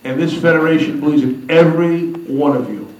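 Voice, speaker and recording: A man giving a humorous storytelling speech at a convention, animated and acting out the people he quotes. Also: on the high side, brisk. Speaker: speaker at a convention. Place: large hall. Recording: echoey hall from a distance.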